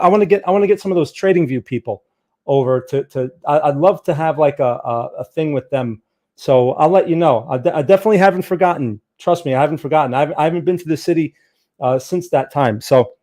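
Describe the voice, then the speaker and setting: Man, fairly high voice, live-stream trading talk, conversational, keeps asking "right?", emphatic. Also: dark tone. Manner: emphatic, urging viewers to look at charts. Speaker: market trader and streamer. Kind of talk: live-stream chart analysis.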